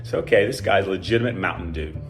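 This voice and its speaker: A man's voice: sits low, fast talker, faint music behind. A man in his sixties reading a scripted personal story in a dry, self-deprecating way. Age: 60s. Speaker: alumnus telling a personal story.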